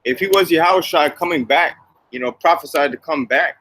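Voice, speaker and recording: A man talks through a casual religious commentary and keeps peppering his lines with "man" and "okay". His voice is bright and forceful. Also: a little high, normal speed, rough recording.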